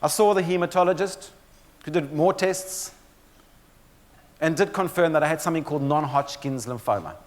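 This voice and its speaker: A man with a high voice gives a keynote talk from a stage. He tells his stories with dry humor and turns often to the audience. His words trail off into a long hall reverb. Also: moderate pace, pauses often. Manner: storytelling with dry humor, addresses audience directly. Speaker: motivational speaker. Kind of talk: keynote presentation on stress.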